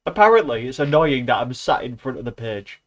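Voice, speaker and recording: A man's voice: medium pitch, big pitch swings, a little fast, fairly bright tone. A man streaming himself reading a novel aloud, breaking off for sarcastic, sweary asides. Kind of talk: casual reading aloud with commentary.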